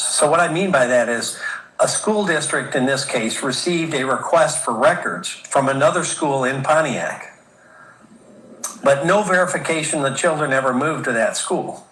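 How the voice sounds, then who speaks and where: A man explaining a procedure step by step in a measured interview tone. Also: fairly high pitch, fairly bright tone, reverberant, poor audio.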